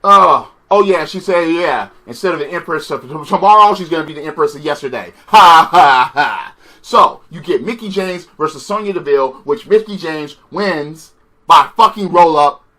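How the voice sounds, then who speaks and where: A man's voice: a little high, moderate pace, pushed and bright. A man giving a profane, sarcastic, exasperated rant reviewing a wrestling show.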